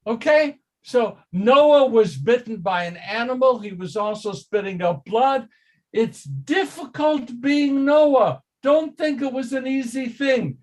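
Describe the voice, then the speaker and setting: Older male rabbi, high-pitched voice, slow deliberate teaching, quizzes the class. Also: animated. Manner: slow, emphatic, rhetorical questions to the class. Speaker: rabbi teaching Torah study. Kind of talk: informal Torah study class.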